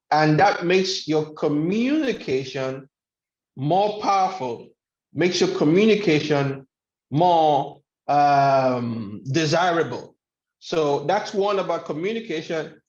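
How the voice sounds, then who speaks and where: A man giving a motivational webinar lecture, speaking emphatically and repeating his key phrases. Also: sits high. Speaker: webinar trainer. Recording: echoey room, dull sound.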